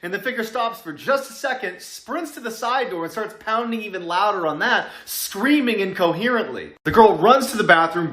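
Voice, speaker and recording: Guy telling a scary story, kinda roomy echo, a bit higher voice. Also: pushed and bright. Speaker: narrator. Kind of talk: dramatic true-story narration. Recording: echoey room.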